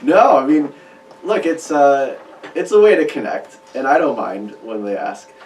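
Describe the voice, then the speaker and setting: A man's voice: medium pitch, lively intonation, a little slow, a little mellow, slight background noise. Chatty man, roomy distant radio mic. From Chicago. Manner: chatty, rambling. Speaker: musician guest. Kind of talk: casual radio interview. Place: radio studio.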